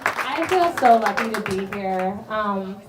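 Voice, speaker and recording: A woman's voice: mid-range voice, animated, takes it slowly, very noisy. A woman performing a stand-up comedy set, rambling and self-mocking with lots of fillers, laughing at her own jokes. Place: small bar venue with live audience. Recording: echoey bar recording from far off, loud crowd.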